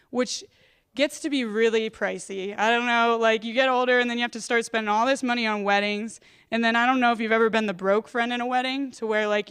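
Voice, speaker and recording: A woman's voice: a little high, a bit bright, clear, resonant tone. A woman in her thirties performing a rambling, self-deprecating stand-up comedy set on stage. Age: 30s.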